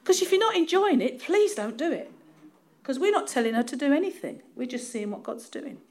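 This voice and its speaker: Lively Cockney woman preaching. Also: sits high, brisk. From East End of London. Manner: lively, laughing, self-deprecating storytelling. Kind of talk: informal sermon.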